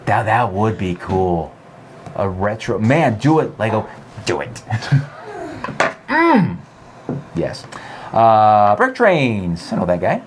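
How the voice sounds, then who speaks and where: A man's voice: on the low side, sing-song, slow pace, long pauses, noisy background. A man co-hosting a podcast, reading viewer comments in casual chat and laughing often. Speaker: podcast co-host.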